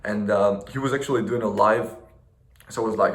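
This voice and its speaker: A man's voice: on the low side, flat delivery, moderate pace, a bit bright, roomy sound, a little hiss or hum. A young man telling a story in a casual vlog, rambling and slangy with lots of fillers and restarts. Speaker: vlogger.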